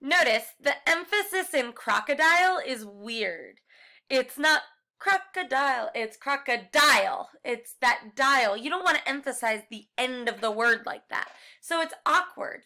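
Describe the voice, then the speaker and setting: A woman's voice: on the high side, animated, unhurried, pushed and bright. A woman music teacher explaining a class project step by step in a recorded lesson, now and then singing short examples.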